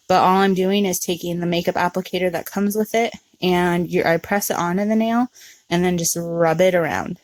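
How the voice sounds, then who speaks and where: A woman hosting a nail art tutorial, talking through each step in a relaxed, chatty way with frequent ums. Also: on the low side, no echo. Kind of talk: casual step-by-step tutorial narration.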